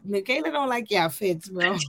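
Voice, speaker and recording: A woman's voice: medium pitch, animated, normal speed. A woman in casual chat, talking emphatically and joking.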